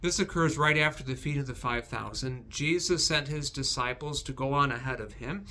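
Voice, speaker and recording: A man hosting a devotional video, recapping Bible passages with animated, emphatic storytelling. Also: medium pitch, brisk.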